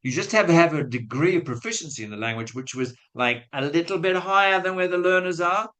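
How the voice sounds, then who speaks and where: A man's voice: on the high side, lively intonation, quick pace, fairly bright tone, low-quality recording. A man giving a webinar talk to teachers, telling a classroom story in a chatty, self-mocking way with acted-out quotes. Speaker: guest speaker on language teaching.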